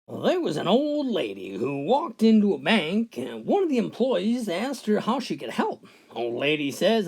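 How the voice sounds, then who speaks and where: Brief: folksy male joke teller, gravelly voice, lively pitch. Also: normal speed. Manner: folksy, starting with "well". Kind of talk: storytelling jokes.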